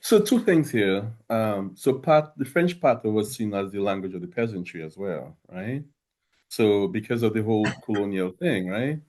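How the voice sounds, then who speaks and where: A man's voice: lowish voice, animated, normal speed, darkish tone. A man from Dominica, a guest in a conversational interview, speaking reflectively with many restarts.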